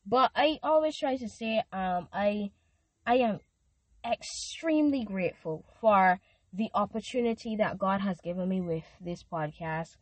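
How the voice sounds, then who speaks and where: A woman's voice: medium pitch, measured pace, no echo. Earnest woman podcast host, dry close mic. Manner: earnest, emotional, leads prayers and chants. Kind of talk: devotional podcast talk with prayer.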